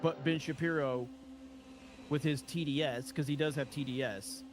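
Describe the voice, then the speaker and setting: Guy streaming, kinda high voice, rambly and jokey, lots of ums, swears a bit. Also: steady tone, normal speed, background noise. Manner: loose, jokey, rambling with many fillers; swears casually. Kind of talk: casual live-stream chat reading donations.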